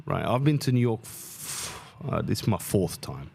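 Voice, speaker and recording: A man's voice: on the low side, normal speed, creaky, a little hiss or hum. A man in his thirties, casually telling a travel story on his podcast, swearing freely and acting out the people he met. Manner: animated, swears freely, acts out quoted people. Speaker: podcast host.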